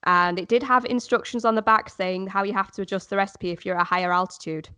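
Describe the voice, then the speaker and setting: Casting note: woman, podcast guest, mid pitch, chatty, dry close mic. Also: steady tone, quick pace, pushed and bright, clean tone, dry recording. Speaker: podcast co-host. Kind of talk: casual chat.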